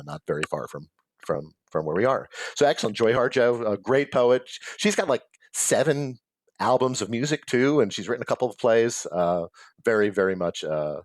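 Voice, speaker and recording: A man's voice: sits low, no echo. A man hosting a pub trivia game, reading out questions and chatting about the answers. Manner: chatty, adds background facts after answers. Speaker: trivia quiz host.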